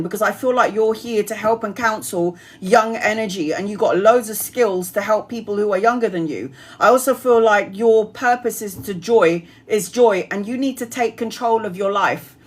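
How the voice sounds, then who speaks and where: A woman, giving a live-stream tarot reading in a chatty, blunt way and laughing often. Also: on the high side. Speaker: tarot reader.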